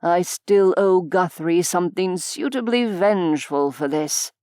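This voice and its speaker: A flirtatious vampire man with a British playboy drawl, played by a woman narrating the book. The voice stays low and unhurried, smooth and clear in a dry studio. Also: a little mellow, no echo, lightly acted.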